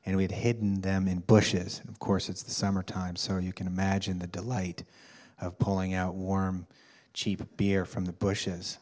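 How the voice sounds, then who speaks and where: A man telling a personal story to a workshop group, halting with fillers and restarts, with amused laughs. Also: low voice, level tone, darkish tone. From United States. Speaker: workshop participant.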